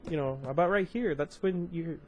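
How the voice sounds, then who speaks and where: A young man with a fairly high voice reads a novel at normal speed for his channel, with slight background noise. Acting as audiobook reader and host, he slips into informal asides full of fillers and restarts.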